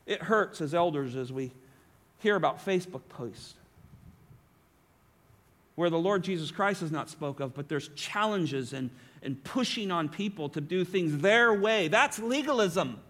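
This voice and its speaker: A man preaching a sermon as pastor, swinging between emphatic lines and hushed asides. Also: fairly high pitch, expressive, measured pace.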